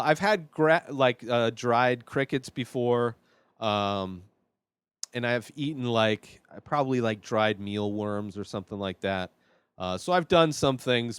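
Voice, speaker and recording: A man hosting his own vlog, nervous and rambling with many fillers, swinging between quiet mutters and loud outbursts. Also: mid-range voice, clear, resonant tone, no room sound. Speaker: show host. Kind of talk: casual solo vlog.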